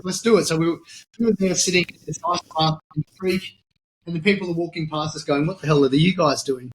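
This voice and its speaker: Australian man with a higher voice. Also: quick pace, slight background noise. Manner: animated, acts out quoted dialogue, frequent restarts. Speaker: podcast guest, military veteran and charity founder. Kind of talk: casual storytelling in a conversation.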